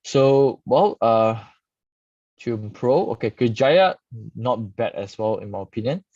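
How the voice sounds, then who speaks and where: A man's voice: medium pitch, animated, slow, darkish tone, no room sound. A man reviewing stock charts live, peppering his talk with "okay". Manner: frequent "okay" tags, casual explaining. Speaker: stock market analyst host. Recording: dull lo-fi dry sound.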